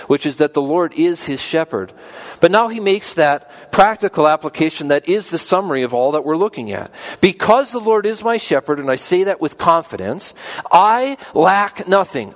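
A pastor preaches a sermon earnestly, building to emphatic peaks before dropping soft and low.

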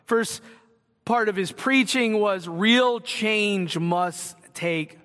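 Drawing out his words in a high, somewhat bright voice, a pastor from Northwest Ohio preaches earnestly and conversationally. He directs questions at the congregation, and the sound has long hall reverb.

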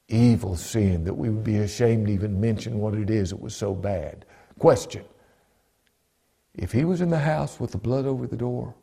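A male pastor preaching a sermon, emphatic and repetitive, slowing and dropping to a hush when quoting scripture. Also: medium pitch, creaky, husky. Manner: emphatic, repeats key phrases, slows and drops to a hush on scripture. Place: church broadcast.

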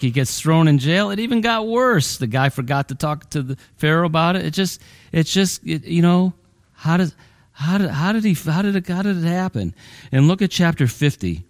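A male pastor preaching a conversational sermon in a folksy way, full of "you know" and repeated words, his voice climbing higher when he presses a point. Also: animated, moderate pace, no room sound, studio quality.

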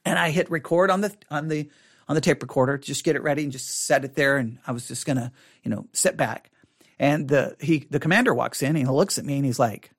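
A middle-aged Texan man leads a Bible study in a loose, conversational way. His voice sits a little high for a man. He stumbles and repeats words, then presses hard on the phrases he wants to land. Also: quick pace, fairly bright tone, slightly rough. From Texas. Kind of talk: informal Bible study teaching with personal stories.

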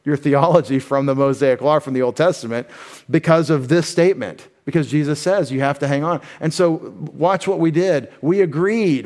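A man's voice: fairly high pitch, a little mellow. A male pastor preaching an expository sermon, talking conversationally with wry asides and frequent self-corrections.

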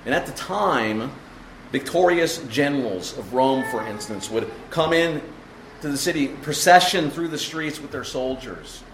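A man's voice: medium pitch, animated, a little slow, a bit bright, slight background noise. A man preaching an expository sermon, explaining the text emphatically and asking the congregation rhetorical questions. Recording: echoey room with faint ambience.

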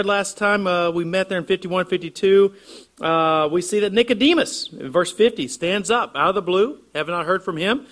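A man's voice: on the high side, normal speed, fairly bright tone. A man preaching an earnest expository sermon, explaining scripture and posing rhetorical questions to his congregation. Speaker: pastor.

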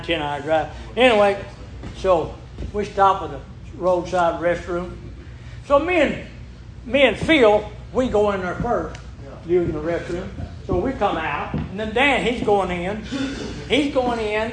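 An older man with a high-pitched voice tells folksy ministry stories, chuckling and repeating himself. He sounds like he's in an echoey church hall. A steady background hiss sits under him. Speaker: ministry worker. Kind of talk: folksy testimony storytelling. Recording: echoey room with background noise.

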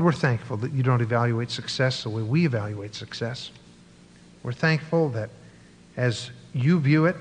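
A man's voice: medium pitch, big-room sound, slight background noise. A man preaching an earnest evening sermon as pastor, stretching key words and building long lists, then closing in prayer. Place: church sanctuary.

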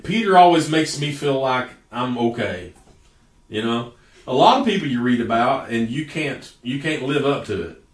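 A man's voice: medium pitch, expressive, moderate pace. A man preaching a sermon in a folksy storytelling way, stretching out words for emphasis. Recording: echoey room from a distance.

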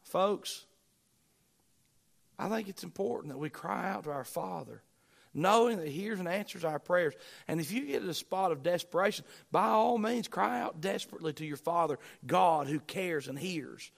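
A middle-aged man preaching a sermon as pastor, with emphatic bursts that rise and drop to quiet asides. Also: high voice, animated, normal speed, creaky.

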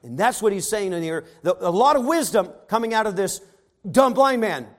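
A man preaching a sermon who reads scripture aloud and then retells it in casual modern words, swinging between soft asides and loud emphatic stretches. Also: high-pitched, lively intonation, normal speed.

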